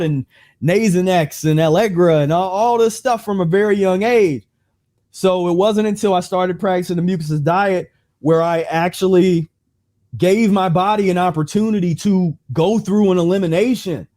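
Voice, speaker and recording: A man's voice: high voice, darkish tone. A man hosting a livestream health talk, speaking casually and conversationally, then turning preachy with a string of rhetorical questions. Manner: casual and conversational with frequent restarts. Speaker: host.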